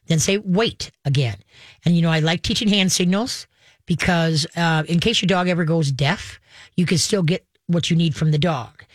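Call-in radio host and dog trainer, mid-pitched, chatty, methodical, dry booth sound. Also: moderate pace, no room sound. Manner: chatty, step-by-step instructions, acts out dog and owner voices.

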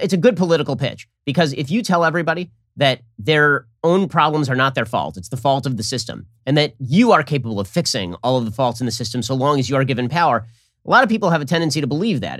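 A man hosting an interview podcast, talking in a quick, articulate, argumentative way. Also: medium pitch, a bit bright, dry recording, studio quality. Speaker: podcast host.

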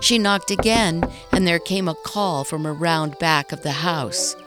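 A woman narrating a storybook in a calm, even storytelling manner. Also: lowish voice, measured pace, over music.

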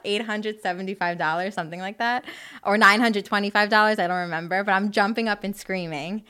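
A woman's voice: medium pitch, moderate pace, bright, forceful tone, smooth. A woman in casual chat, telling a story in a chatty way with many fillers. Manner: chatty, filler-heavy with lots of "like".

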